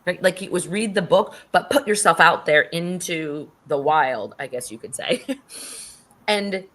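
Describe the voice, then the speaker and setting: A middle-aged woman tells a personal story as an interview guest, in a fairly low voice with big, lively swings in pitch. She talks casually, swears easily and acts out what other people said. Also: a little slow.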